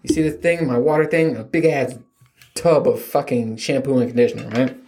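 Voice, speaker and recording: A man in his thirties hosts a podcast, speaking briskly in a medium-pitched, darkish voice with fairly even intonation. His stories about his kids are rambling, self-mocking, casually profane, and comedic.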